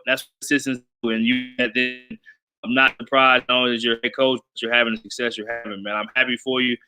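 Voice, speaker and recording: A man's voice: mid-range voice, sharp tone. A man hosting a sports podcast, chatting in a friendly, casual way and often calling his guest "man". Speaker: podcast host. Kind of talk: casual interview chat.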